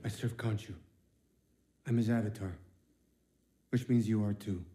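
An actor playing a confused man who speaks quietly to his own reflection in a series clip, with music underneath. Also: fairly low pitch, fairly even intonation, measured pace, close to an everyday voice. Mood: tense. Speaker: character in a TV series. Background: background score.

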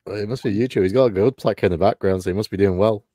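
A man from the East Midlands, chatting casually as co-host. His voice is low, and his talk wanders in a laid-back way with many fillers. The sound is dry and close. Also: rapid-fire, dark tone, no room sound. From England, East Midlands. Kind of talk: casual chat.

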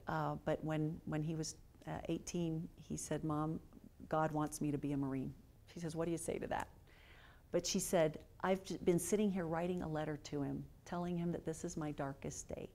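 Earnest woman telling a lecture story. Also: sits low. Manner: earnest, hushed when moved, many fillers. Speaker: guest speaker. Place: lecture hall.

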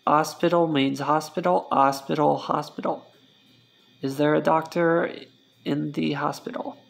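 Slow gravelly man teaching vocabulary. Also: a little high, little pitch movement. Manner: slow, self-correcting, repeats words for drill. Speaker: Spanish tutor. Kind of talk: informal language lesson.

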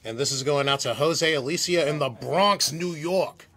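A man's voice: fairly high pitch, normal speed, fairly bright tone. A man hosting a live autograph show, chatty and jokey in casual banter.

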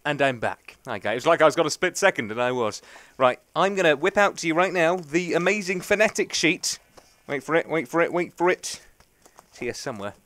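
A man's voice: on the high side, animated, a little fast, a bit bright, no room sound. A young man, rambling and joking through casual let's play commentary. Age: young adult. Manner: rambling, chatty, jokey. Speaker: gaming commentator.

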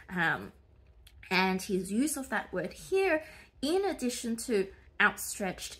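A woman teaching an English lesson in a relaxed, chatty way, her pitch rising and falling a lot. She leans on fillers and restarts as she thinks aloud over the text. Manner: casual and chatty, many fillers like "sort of" and "you know". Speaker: English tutor. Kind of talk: explanatory video lesson.

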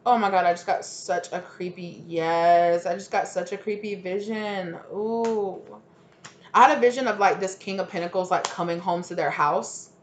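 A woman's voice: lowish voice, steady tone, normal speed, a little hiss or hum. A woman giving a casual tarot reading, rambling with lots of "like" and sudden exclamations. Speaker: tarot reader.

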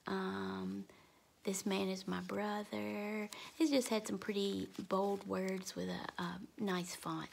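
Soft-whispering woman with a gravelly edge. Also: medium pitch, little pitch movement, slow pace, slight background noise. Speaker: craft vlogger. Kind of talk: crafting show-and-tell. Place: home, early morning.

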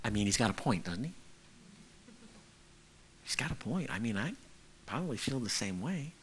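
A man's voice: medium pitch, sing-song, normal speed, a bit bright, slight background noise. A male pastor preaching a conversational sermon who keeps checking in with the congregation.

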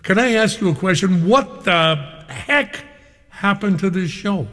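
Older male radio DJ, playful and chummy, slightly high voice with a long echo tail. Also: a little slow, fairly bright tone. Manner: exuberant, chummy, playful banter. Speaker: radio disc jockey. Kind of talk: live radio show hosting.

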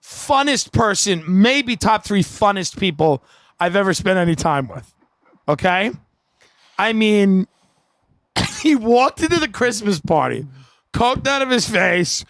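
A man hosting a podcast, telling comedic stories in a rambling, animated way. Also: high voice, slow pace, pauses often, no echo. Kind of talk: comedic storytelling monologue.

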